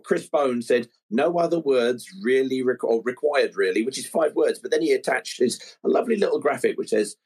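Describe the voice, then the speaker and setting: A man's voice: medium pitch, a little mellow, slightly rough. A man hosting a live football fan podcast, chatting and reading out listener messages. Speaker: podcast host.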